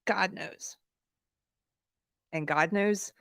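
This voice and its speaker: A woman hosting a live talk show, telling a personal story in a candid, animated way with fillers and laughs, at times close to tears. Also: on the low side, moderate pace, dry recording. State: emotional, near tears. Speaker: podcast host. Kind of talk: live-streamed commentary, personal anecdote.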